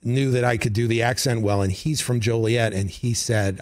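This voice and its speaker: A middle-aged man, a comedy writer, telling stories as a guest in a studio interview, animated and breaking into voices. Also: fairly low pitch, normal speed. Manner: animated, slips into character voices. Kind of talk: casual interview storytelling. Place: radio studio.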